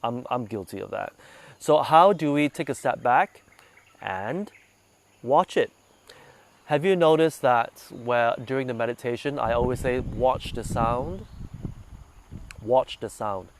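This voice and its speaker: A man leading a meditation group, talking gently and conversationally and putting questions to his listeners, a little congested from sinus trouble. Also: mid-range voice, lively intonation, unhurried, creaky, a little hiss or hum. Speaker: meditation guide. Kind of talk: relaxed talk to a meditation group.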